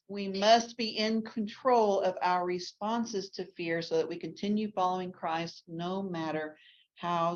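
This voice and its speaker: A woman teaches a ladies' Bible class, talking chattily and restarting her sentences. Her voice sits a little low. The recording sounds dull and lo-fi. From Texas. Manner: chatty, with many restarts and asides.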